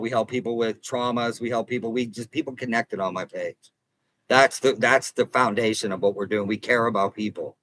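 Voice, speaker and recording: A man's voice: mid-range voice, fairly bright tone, low-quality recording. A man hosting a casual livestream from inside an RV, talking earnestly to viewers in a rambling way, repeating and restarting phrases. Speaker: livestream host and consumer advocate.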